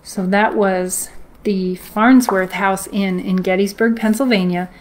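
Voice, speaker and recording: A woman reads a ghost story aloud to her live-stream viewers. Her delivery is steady and measured, the plain voice of a host sharing a book passage. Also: mid-range voice, a little hiss or hum.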